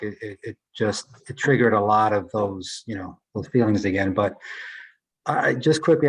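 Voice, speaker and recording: A man's voice: mid-range voice, rough recording. A man speaks for the school district at a public meeting held over a call. His voice sits in a mid range. He sounds earnest and often repeats words before his sentences get going. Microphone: video call.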